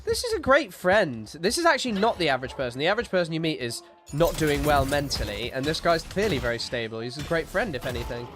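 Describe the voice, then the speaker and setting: A man's voice: on the high side, very animated, fast, music in the background. A man streaming a game, chatting casually and with amusement to his viewers and a teammate. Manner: amused, chatty, reacts and speaks to his chat. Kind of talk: casual livestream commentary.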